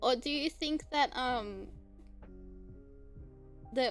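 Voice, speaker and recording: A young woman with an Australian accent chats casually on a live stream. Her high, bright voice moves at an unhurried pace and keeps dissolving into squealing giggles. Soft music plays faintly in the background. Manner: giggly, bursts into laughter and squeals.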